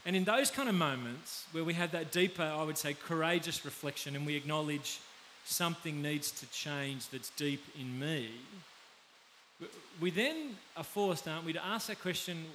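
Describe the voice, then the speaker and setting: A man with an Australian accent preaching a conversational sermon, often pausing to check in with his listeners. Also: fairly high pitch, animated, fairly bright tone. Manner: conversational, pauses to ask the audience. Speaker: pastor. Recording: faint background hiss.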